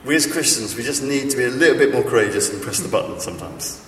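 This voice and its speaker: A man's voice: medium pitch, expressive, fast, fairly bright tone, distant mic, a little hiss or hum. A man giving a chatty sermon full of stories, with a self-deprecating humor and plenty of fillers and restarts. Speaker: preacher. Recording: echoey hall, speaker off-mic.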